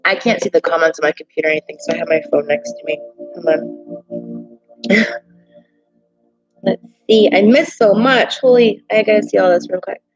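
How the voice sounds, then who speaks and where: A woman reading tarot cards on a casual live stream, talking straight into her laptop microphone. She chats freely and gets emotional as she reacts to comments from viewers. Faint music plays quietly behind her. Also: lowish voice, fairly quick, low-quality recording. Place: home desk at a laptop.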